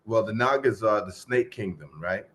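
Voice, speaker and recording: A middle-aged man telling a long story as a podcast guest in a relaxed, casual way, trailing off into fillers and acting out the voices of the people in it. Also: on the low side, moderate pace. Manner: laid-back, acts out quoted voices, trails off into fillers.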